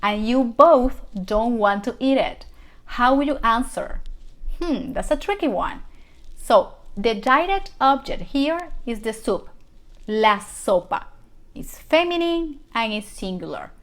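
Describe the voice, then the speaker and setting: Slow, careful teacher woman. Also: a little high, lively intonation. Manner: slow, careful model sentences with questions to the viewer. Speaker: Spanish teacher. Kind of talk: language lesson.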